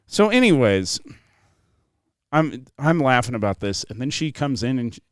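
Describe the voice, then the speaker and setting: Smooth-voiced man telling a story. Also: medium pitch, unhurried, dry recording, clean studio sound. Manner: animated, profane, acts out quoted voices. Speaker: podcast host. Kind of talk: casual storytelling chat.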